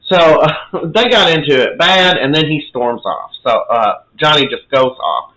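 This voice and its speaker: A man's voice: fairly high pitch, animated, unhurried, sharp tone, rough recording. A man giving a casual, chatty recap of a soap opera episode, opinionated and full of fillers.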